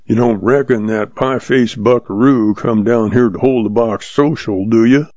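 A man's voice: medium pitch, normal speed, darkish tone, no echo, lightly acted. A man reading the part of a surly, quarrelsome cowboy with a sneering drawl, in a dry, slightly muffled recording.

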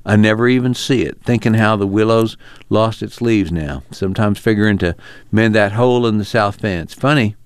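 A man's voice: fairly low pitch, moderate pace, smooth, no room sound, clean studio sound, lightly acted. A man reading a discouraged, homesick farmer father who talks in plain rural dialect in an audiobook. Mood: despairing.

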